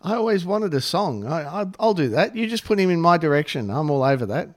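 A man's voice: on the high side, big pitch swings, brisk. A man on a casual podcast, speaking in a wry, exasperated way. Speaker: podcast guest, knife supplier. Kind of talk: casual chat.

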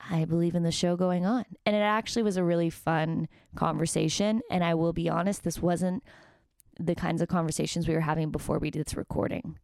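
A woman's voice: fairly low pitch, fairly even intonation, a little fast, gravelly, a little mellow, dry recording, studio quality. A woman in her thirties hosting a podcast, talking candidly and casually, swearing freely as she chats. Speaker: podcast host.

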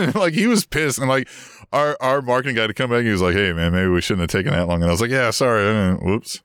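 A man co-hosting a podcast, telling old stories in a rambling, casual way and getting animated when he quotes people. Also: medium pitch, fast talker, clear, resonant tone, no echo, studio quality. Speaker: podcast co-host. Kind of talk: casual storytelling chat. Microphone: video call.

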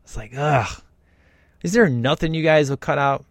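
A man giving casual, excited commentary while watching a film, often acting out the characters. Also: fairly high pitch, normal speed, no echo, clean studio sound. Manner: excited, enthusiastic, imitates characters. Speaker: host reacting to a film.

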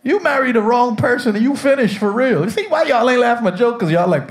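Joking pastor preaching with call-and-response. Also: male voice, very high voice, animated, fairly quick, hardly any pauses. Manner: call-and-response with congregation, jokey. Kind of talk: humorous sermon. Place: church sanctuary with congregation.

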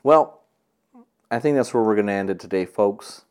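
A man's voice: lowish voice, normal speed, smooth. A young man hosting a solo podcast, talking in a rambling, earnest way with many fillers and repeated words. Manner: earnest and encouraging. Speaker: podcast host. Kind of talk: casual solo podcast monologue. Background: air conditioner hum.

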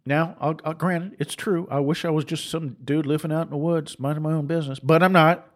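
A middle-aged man delivering an impassioned monologue, forceful and preachy, with laughing asides and mocking voices. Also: fairly high pitch, fairly even intonation, fairly quick.

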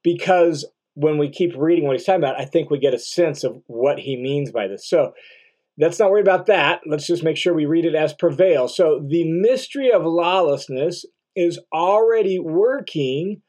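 Middle-aged guy teaching bible verse by verse, voice a bit on the high side, keeps repeating key phrases and asking "right?". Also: a little fast, darkish tone.

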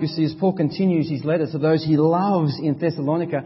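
A man preaching a sermon with earnest emphasis, his voice swinging between soft and loud and repeating words to stress a point. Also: a little high, brisk, hardly any pauses, slightly rough. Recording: dull recording with long hall reverb.

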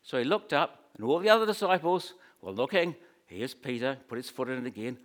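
A man's voice: mid-range voice, expressive, fairly quick. A man preaching a sermon in a conversational, storytelling way, with humorous asides.

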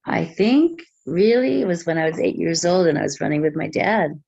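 A woman speaking as a podcast guest, slow and reflective, with hesitant pauses. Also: on the low side, vocal fry, a little mellow, breathy edge, no echo. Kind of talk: casual interview chat. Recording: dull muffled lo-fi sound.

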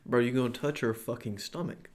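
A man throwing in loud, crude wisecracks during casual podcast chat. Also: mid-range voice, steady tone, fairly quick. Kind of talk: casual banter.

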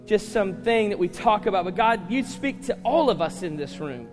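A man's voice: high-pitched, fairly quick, few pauses, music in the background. A man preaching a sermon to his congregation, telling stories with humor and talking directly to the listeners. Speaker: pastor. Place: large church hall with congregation. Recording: live sermon in a reverberant hall.

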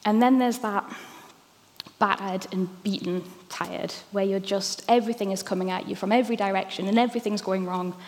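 A woman in her thirties delivers a sermon in a warm, candid, conversational way, sprinkled with ums. Her voice sits at a middle pitch. A long hall reverb trails behind each phrase. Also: fairly even intonation, fairly quick. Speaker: preacher.

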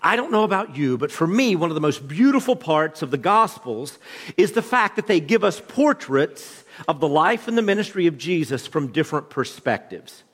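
A man's voice: fairly high pitch, sing-song, normal speed, a bit bright, long reverb tail. A man in his thirties preaching a sermon, a pastor with a conversational, joking storytelling manner. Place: church hall.

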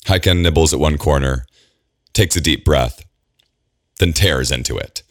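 A man reading a novel aloud in a steady, measured audiobook style, close to the mic. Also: very deep voice, no room sound. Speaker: narrator. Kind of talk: audiobook narration.

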